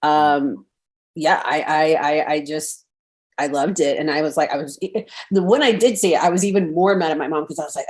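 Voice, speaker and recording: A woman in her thirties, a podcast guest in casual chat, talking in an animated, rambling way with many fillers over a remote call mic. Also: low-pitched, normal speed.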